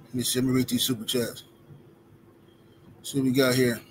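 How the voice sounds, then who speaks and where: A man's voice: medium pitch, level tone, moderate pace, slight background noise, poor audio. A man hosting a livestream who tells rambling, slangy stories and reads out viewer super chats. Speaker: livestream host. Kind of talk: casual storytelling and reading super chats.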